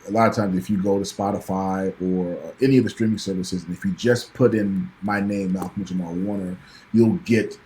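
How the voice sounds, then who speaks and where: A man speaking as an interview guest in casual chat, laid-back and easygoing, talking with a lot of relaxed fillers. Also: deep voice, slight background noise, low-quality recording.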